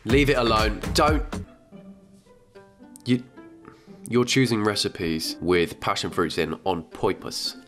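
A man's voice: on the low side, lively intonation, takes it slowly, long pauses, a bit bright, faint music behind. A young man giving comedic reaction commentary, exasperated and sweary, with grossed-out outbursts.

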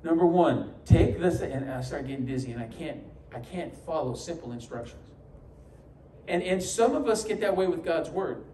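High-voiced man preaching in an echoey hall. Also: expressive, moderate pace, darkish tone, a little hiss or hum. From New York. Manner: storytelling, humorous asides, acts out quoted voices. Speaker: pastor. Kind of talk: sermon. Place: church sanctuary. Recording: echoey church hall, mic from a distance, faint ambience.

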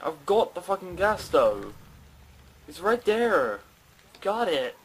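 A man's voice: on the high side, animated, a little slow, pauses often, a bit bright, slightly rough. A young man commentating a horror game as he plays it, jumpy, swearing and talking to himself and the game. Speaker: gaming channel host.

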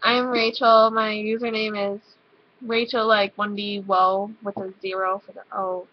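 A woman's voice: medium pitch, flat delivery, measured pace. A teenage girl chatting casually with a friend, giggly and offhand as she reads out a word list. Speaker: vlogger. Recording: dull lo-fi webcam audio.

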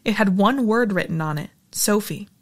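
A woman narrating a novel in a steady storytelling manner, as a regular audiobook reader. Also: medium pitch, moderate pace. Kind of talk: reading a novel aloud.

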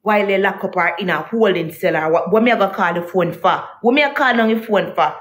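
This young woman speaks fast in a mid-range voice. As a vlogger, she pours out an emotional storytime rant to viewers about a partner, getting heated and indignant and saying things more than once as she vents.

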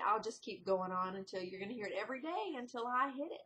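A woman vlogger chatting casually at home in a rambling video diary, breaking into high, excited exclamations. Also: fast talker. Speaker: diet vlogger. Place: indoors at home.

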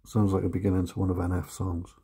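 British guy, low husky voice, loose reaction host who laughs and hesitates a lot. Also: monotone, quick pace, warm tone. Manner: hesitant, lots of ums, laughs often. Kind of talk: casual reaction commentary.

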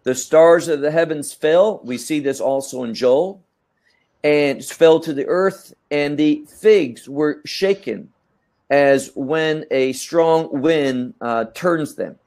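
A man teaching scripture in a measured, emphatic way, often repeating words as he thinks. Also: on the high side, darkish tone. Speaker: Bible teacher. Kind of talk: teaching talk.

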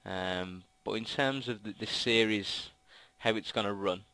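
A young Brummie man talks through a football management game in a low voice with a bright, forceful edge. He rambles and stacks up ums and restarts, speaking into a headset mic in a dry, close-sounding space. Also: a little slow, clean tone, no room sound, poor audio. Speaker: gaming commentator. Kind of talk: casual game commentary. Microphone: gaming headset mic.

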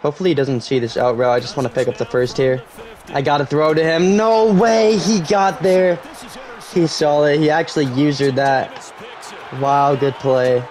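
A young man giving live commentary on his own football video game, cheering loudly on big plays and grumbling when things go wrong. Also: mid-range voice, fairly even intonation, moderate pace. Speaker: gaming YouTuber.

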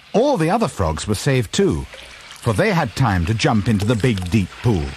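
A man reading a children's storybook aloud in a lively, expressive scripted narration. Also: mid-range voice, slight background noise. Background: background music.

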